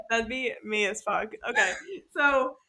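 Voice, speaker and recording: A woman's voice: on the high side, slow, bright, forceful tone, a little hiss or hum. A young woman co-hosting a casual podcast, retelling a story animatedly with laughs and quoted voices. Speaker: podcast co-host. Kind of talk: casual book-discussion chat.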